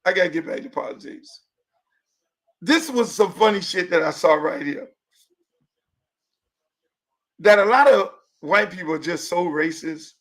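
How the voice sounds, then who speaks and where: A high-voiced man hosting his own show, his pitch leaping all over as he rants. He is loud and profane, breaking into laughs and shouts as he tells his stories. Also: animated, moderate pace. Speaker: show host. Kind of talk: casual commentary on sports and politics.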